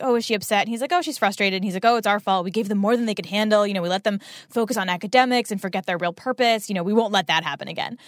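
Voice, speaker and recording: Quick chatty woman podcast cohost, rambling recap, dry close sound. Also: mid-range voice, dry recording. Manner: rambling, filler-heavy, animated retelling. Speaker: podcast co-host. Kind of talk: casual chat recapping a TV episode.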